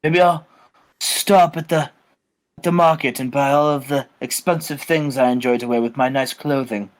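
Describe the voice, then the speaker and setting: A man voicing a fussy, refined English gentleman wrestler. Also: medium pitch, fairly even intonation, moderate pace, pitched below the performer's own voice, lightly acted. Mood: genteel.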